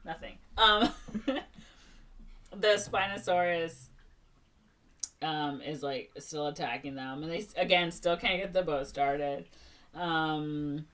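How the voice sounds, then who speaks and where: A woman co-host recaps a film in a relaxed, chatty way, jumping into brief character voices along the way. Her voice sits a little low for a woman. The mic picks her up from a short distance. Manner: animated retelling with quick voiced impressions. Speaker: podcast co-host. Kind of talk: casual movie recap.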